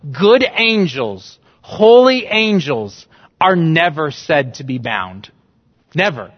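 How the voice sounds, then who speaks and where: A male pastor preaching a sermon, emphatic and full of rhetorical questions. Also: on the high side. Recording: dull sound with long reverb in a church hall.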